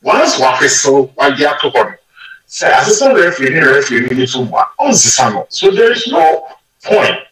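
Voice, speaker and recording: A man with a Ghanaian accent, talking as a football pundit in an animated studio sports discussion, mixing Twi and English. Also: a little high, brisk, far from the mic, a little hiss or hum. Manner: animated, mixes Twi and English mid-sentence. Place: radio studio. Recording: roomy and off-mic radio studio sound.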